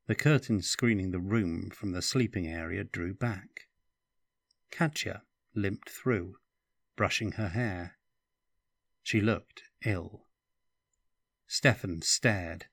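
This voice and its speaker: A male storyteller reads a fantasy novel in a deliberate, unhurried pace. His voice sits low and is recorded dry and close. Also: no echo. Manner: slow, even reading. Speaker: audiobook narrator. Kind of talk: scripted narration.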